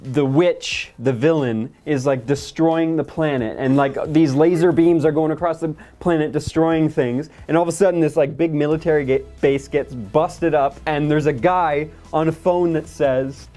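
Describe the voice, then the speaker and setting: A man's voice: on the high side, steady tone, normal speed, few pauses, warm tone, faint music behind. A man hosting a casual movie review chat, blunt and sarcastic, swearing freely. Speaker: movie review podcast host.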